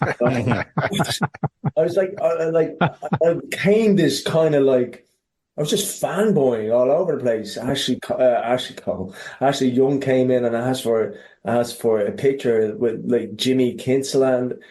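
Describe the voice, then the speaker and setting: A man with an Irish accent, a podcast guest telling stories in casual chat, animated, swearing freely and often restarting his sentences. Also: medium pitch, a little slow, echoey room. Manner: animated, profane, many restarts. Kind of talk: casual interview storytelling.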